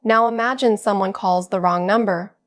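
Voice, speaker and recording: Clear, dry-voiced woman teaching English. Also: mid-range voice, steady tone, dry recording. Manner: slow, clear, evenly paced delivery. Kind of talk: scripted teaching narration.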